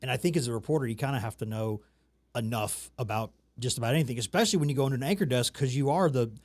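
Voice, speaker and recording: A man's voice: medium pitch, rapid-fire, darkish tone. A man from the American South hosting a casual chat, talking in a loose, rambling, self-mocking way. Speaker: talk show host.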